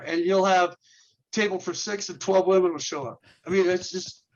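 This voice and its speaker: A man's voice: high voice, fairly even intonation, normal speed. Earnest man on a dull lo-fi recording. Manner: earnest, lists steps and rhetorical questions, repeats and restarts words. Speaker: guest, men's ministry leader. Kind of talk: instructional interview talk.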